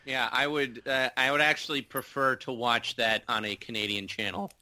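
Bright-voiced man in casual sports chat. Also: medium pitch, moderate pace, dry recording. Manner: rambling, animated, many restarts and filler words. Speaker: podcast co-host.

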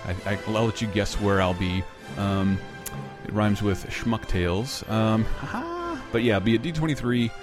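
A man's voice: on the low side, big pitch swings, normal speed, music in the background. A man hosting a podcast, chatting casually, joking and swearing freely as he rambles. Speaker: podcast host.

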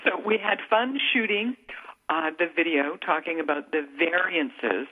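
A woman hosting a radio talk show, chatty and rambling with quick laughs. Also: on the low side. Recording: phone-line quality.

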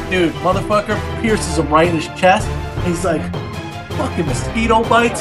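High-voiced man rambling with music behind. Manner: rambling and profane, heavy use of filler phrases and slang. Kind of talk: casual retelling of a comic book story.

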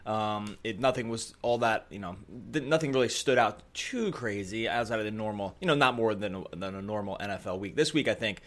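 Energetic man hosting a sports podcast. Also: fairly low pitch, brisk, few pauses. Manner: energetic, rambling, with fillers and restarts. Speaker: podcast host. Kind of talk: casual sports podcast chat.

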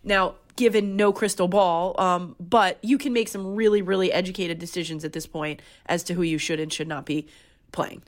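A young woman co-hosting a fantasy football podcast, giving emphatic opinions in casual chat. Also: on the low side. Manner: emphatic, animated, quick opinions.

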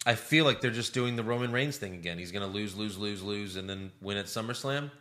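A man's voice: lowish voice, a little fast, pushed and bright. A man co-hosting a casual podcast, recapping a wrestling show and mocking the wrestlers in put-on quoted voices. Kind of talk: casual chat.

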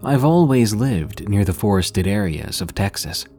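A man with a somewhat low voice narrates horror stories in a grave, measured tone. He takes his time and lets dramatic pauses hang. Faint music plays quietly underneath. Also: big pitch swings.

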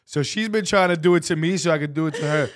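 A man hosting a podcast, telling stories in playful, animated casual banter. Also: on the high side, fast talker. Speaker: podcast host.

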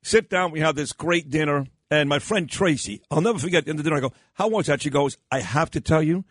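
A man's voice: a little high, fast talker, a bit bright, dry recording, clean studio sound. A man hosting a radio show, telling rambling anecdotes and acting out the voices of the people in them, laughing often. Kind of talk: casual on-air storytelling.

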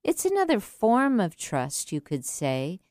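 A woman writing coach and podcast host giving an earnest, encouraging motivational talk with deliberate emphasis, recorded close on a studio mic. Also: mid-range voice, wildly swooping pitch, a little mellow, no room sound.

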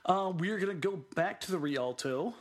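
A man co-hosting a casual sports podcast, talking in an animated, rambling way with quick restarts. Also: sits high. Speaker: podcast co-host.

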